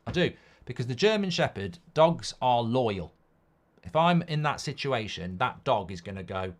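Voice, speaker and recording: Hosting a live watchalong of a football match, a man speaks at normal speed in a mid-range voice. He chats loosely, reads viewer comments aloud, and rambles in an animated way, swearing freely and playing with silly hypotheticals.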